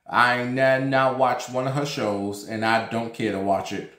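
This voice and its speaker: In a roomy, echoey home room, a New York man hosts his celebrity gossip vlog with a sassy, campy, profane style. Yet his medium-pitched voice is completely flat, sharp in tone, and at normal speed.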